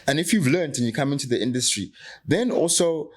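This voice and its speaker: On a candid podcast, a middle-aged actor from South Africa talks fairly quickly in an animated voice on the high side. Passionate and emphatic, he presses his points through rhetorical questions.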